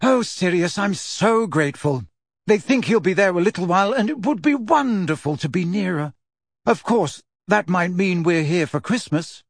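A man's voice: high-pitched, expressive, moderate pace, no room sound, studio quality, pitched above the performer's own voice. A man reading an audiobook, voicing a middle-aged mother who gushes thanks in a muffled, emotional voice. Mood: grateful. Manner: tearful, gushing thanks.

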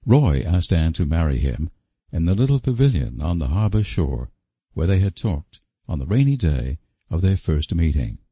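Deep, husky male audiobook narrator. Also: no echo. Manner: measured, expressive storytelling. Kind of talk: scripted narration.

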